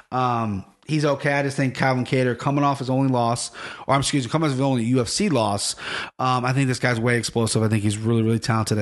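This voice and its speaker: A man hosting a podcast in casual chat, rambling, correcting himself often and swearing freely. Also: medium pitch. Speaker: podcast host.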